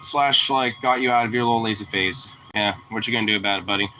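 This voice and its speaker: A young man with a very bright, edgy voice talks to his dog in a loose, teasing way. He laughs easily and swears freely as he chats. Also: lowish voice, fast, slight background noise, rough recording. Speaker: vlogger. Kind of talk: casual chat to his dog.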